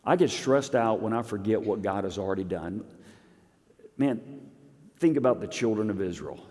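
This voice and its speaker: A man preaching a sermon as pastor, swinging between loud emphasis and quiet asides. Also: fairly low pitch, normal speed, in a large hall. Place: church sanctuary.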